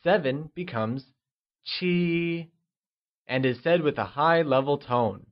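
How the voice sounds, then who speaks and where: A man narrating a scripted language lesson, modelling words slowly for the listener to repeat. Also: medium pitch, muffled recording. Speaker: language teacher.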